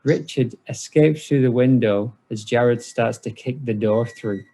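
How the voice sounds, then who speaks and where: Gravelly, warm-voiced male podcast host. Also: medium pitch, unhurried. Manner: lively storyteller with many fillers. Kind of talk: casual chat, recounting a TV scene.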